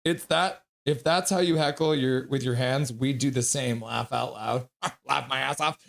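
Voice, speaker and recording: A man giving casual play-by-play on a live stream, excitably reading out viewers' chat messages. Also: mid-range voice, moderate pace, gravelly.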